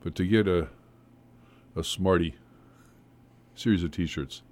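A man's voice: deep voice, takes it slowly, a little mellow, slight background noise. A man hosting a local radio interview in a casual, jokey and chatty manner. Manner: jokey, chatty, laughs often. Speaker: radio host.

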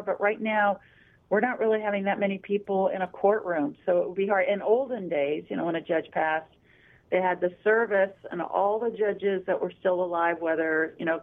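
A woman, an attorney guest, telling chatty stories in a casual radio interview over a phone line. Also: mid-range voice. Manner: chatty anecdotal storyteller. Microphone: telephone.

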